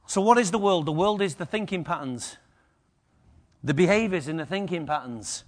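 Lively high-voiced preacher. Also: male voice, moderate pace. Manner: lively, dramatic, acts out the story characters. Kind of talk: sermon.

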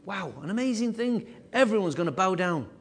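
A man preaching a sermon with emphatic, repetitive phrasing, his voice rising and falling in loudness. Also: high-pitched, lively intonation, fairly quick, husky. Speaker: pastor.

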